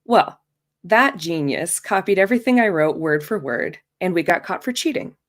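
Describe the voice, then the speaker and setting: A woman's voice: on the low side, animated, normal speed. A woman in her thirties telling a true first-person story live, in a wry, self-mocking, conversational way.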